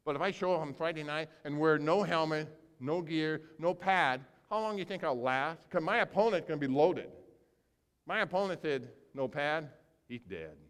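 A man preaching a sermon as pastor, telling a story with animated acting-out of characters and big swings between loud and soft. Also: fairly high pitch, normal speed, clear, resonant tone. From grew up on a small farm. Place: church sanctuary. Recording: long hall reverb.

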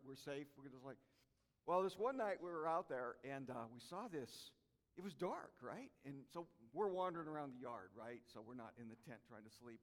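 Lively preacher guy, high voice swinging all over, big echoey church hall. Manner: animated, call-and-response with congregation. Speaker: pastor. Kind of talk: sermon. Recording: long hall reverb.

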